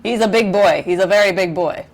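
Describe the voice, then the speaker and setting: This charity stream host talks fairly quickly in a mid-range voice while broadcasting from her kitchen at home. Wearing a lavalier mic, she keeps things casual, rambling and giggly with plenty of self-mockery.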